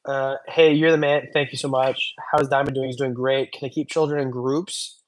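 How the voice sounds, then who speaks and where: In a flat, mid-range voice at a moderate pace, the reptile channel's host reads chat comments aloud. Hours into a long casual livestream, he's tired, joking loosely and rambling with lots of fillers.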